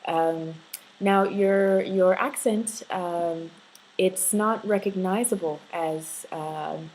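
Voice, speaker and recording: A woman's voice: on the low side, slow, a little mellow, slight background noise, poor audio. A middle-aged woman giving accent tips in a casual video reply, hesitant with many ums and uhs, patiently explaining.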